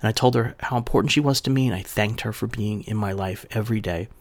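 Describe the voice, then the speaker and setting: A man's voice: on the low side, fast talker, creaky, dry recording. A male podcast host reading a eulogy for his wife and then talking to his listeners, emotional and heartfelt, with his voice rising and falling with feeling.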